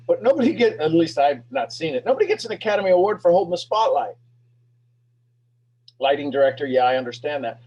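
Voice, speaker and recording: A man leads a motivational talk, preachy and full of energy, repeating his questions and dropping from loud bursts to near-hushed lines. His voice is fairly high yet mellow and husky. He comes through on a video call with dull lo-fi sound. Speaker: host of a motivational talk show. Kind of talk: live motivational talk to an online audience.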